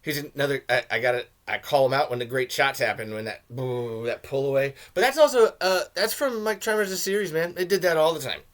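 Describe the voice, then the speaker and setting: A man hosting a podcast, reviewing a film in a casual, profane and rambling rant that turns excitable. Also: mid-range voice, brisk, few pauses. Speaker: podcast host.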